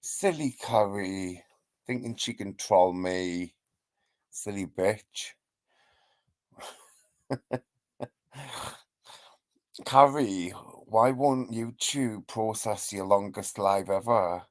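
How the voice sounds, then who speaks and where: A man's voice: lowish voice, very slow, long pauses, no room sound. A man hosting a live stream, ranting and trading insults in a mocking gossip style, laughing often.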